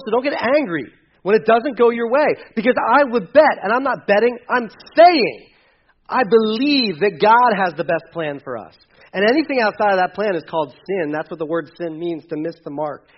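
High-voiced pastor preaching animatedly. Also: male voice, normal speed, breathy edge, lo-fi sound. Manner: animated, conversational preaching with humor. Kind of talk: sermon.

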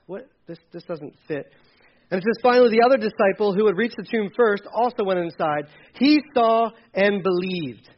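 A man with a high voice preaches a casual sermon, swinging between loud exclaimed bursts and hushed asides as he acts out what people said. The sound is dull and slightly lo-fi. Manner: animated, acts out quotes with sudden loud bursts and quiet drops. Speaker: pastor.

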